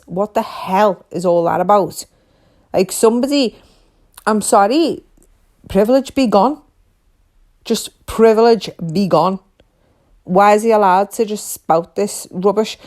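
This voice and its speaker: A woman hosting a podcast from her couch at home, ranting about true crime in an exasperated, animated way, full of rhetorical questions. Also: mid-range voice. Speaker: podcast host. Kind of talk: casual true-crime rant.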